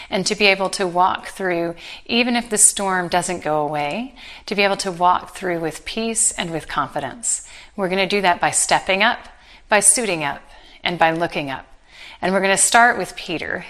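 A middle-aged woman preaching a sermon, telling a Bible story with earnest warmth and touches of gentle humor. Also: on the low side.

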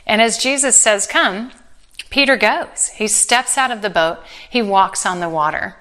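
A middle-aged woman preaching a sermon, telling a Bible story with earnest warmth and touches of gentle humor. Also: medium pitch, measured pace.

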